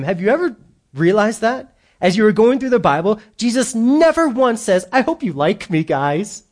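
Joking man preaching a casual sermon. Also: high-pitched. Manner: casual, joking, acts out quoted voices. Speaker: pastor.

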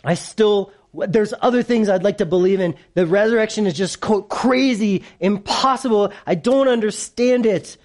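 A man voicing a distraught, stubborn grieving woman disciple in a sermon retelling, speaking higher and slower. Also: a little mellow, natural voice.

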